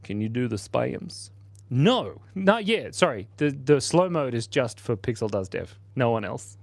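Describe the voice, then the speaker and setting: A man's voice: mid-range voice, big pitch swings, a little slow, vocal fry, dry recording. Playful man in his forties streaming. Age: 40s. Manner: playful and goofy, chatting to viewers. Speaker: livestream host. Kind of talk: casual livestream chat while drawing.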